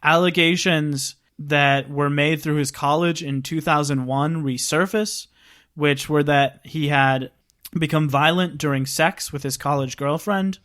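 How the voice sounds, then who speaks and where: Man, podcast co-host, casual chat, higher-pitched voice, relaxed storytelling. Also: a little slow. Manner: recounting production background in a chatty, informal way with frequent "like".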